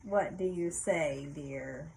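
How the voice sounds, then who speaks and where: A woman reading a picture book aloud to a child, playful, pausing to ask questions and laughing often. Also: low-pitched, vocal fry, a little mellow, a little hiss or hum, rough recording.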